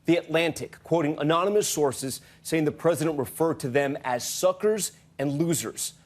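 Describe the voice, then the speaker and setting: A man's voice: on the high side, moderate pace. Formal male news anchor. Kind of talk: scripted news read.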